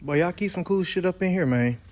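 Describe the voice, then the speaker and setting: Young male vlogger, fairly high voice, relaxed slang, phone mic in a workshop. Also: fairly quick. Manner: laid-back slangy, tags lines with "man". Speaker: vlogger, car wrap contractor. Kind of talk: casual vlog commentary. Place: indoor car wrap shop.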